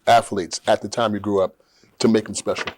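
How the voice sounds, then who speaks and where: Low-voiced man hosting an interview. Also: steady tone, fast talker, a little mellow, slight background noise. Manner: affirming, chimes in with "that's right". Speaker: interview host.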